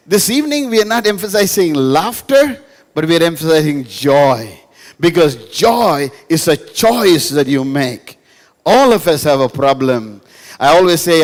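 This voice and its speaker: In a school hall with plenty of echo, a male pastor delivers a funny sermon to a live crowd, weaving in stories and repeating lines to drive points home. He speaks at a normal speed in a fairly high, animated voice.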